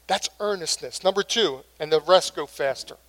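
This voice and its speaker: A man's voice: fairly high pitch, normal speed, a bit bright. A middle-aged male pastor preaching a sermon in an earnest, conversational way.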